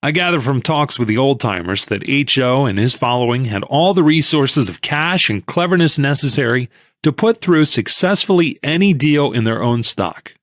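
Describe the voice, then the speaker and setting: A man reading a first-person audiobook in a measured, plain-spoken storytelling way. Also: mid-range voice, a bit bright, dry recording, clean studio sound. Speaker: audiobook narrator.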